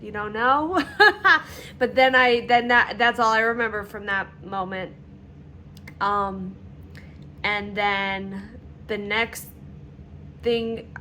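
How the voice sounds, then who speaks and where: Woman, vlog storytelling, slightly high voice, slow unhurried delivery, halting with fillers, faint background hum. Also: pushed and bright. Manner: halting, candid recounting with many fillers. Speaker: vlogger telling her own illness story.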